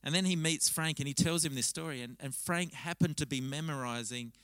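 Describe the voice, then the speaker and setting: A man preaching a sermon at a church service, talking conversationally and telling stories with lively restarts. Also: a little high, a little fast, no room sound, rough recording. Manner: conversational, animated storytelling with frequent restarts. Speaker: pastor.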